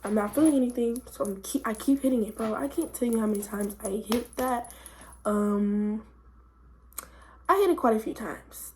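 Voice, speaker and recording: Young adult woman, slightly high pitch, casual storytime vlogger, excitable and rambling. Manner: rambling, excitable, full of "like" and "bro".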